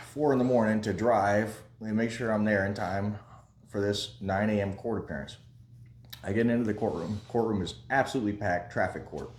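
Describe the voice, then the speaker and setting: Chatty low-voiced man telling a story. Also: a little mellow, roomy sound. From Kentucky. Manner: rambling, chatty, many fillers and laughs. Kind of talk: casual storytelling.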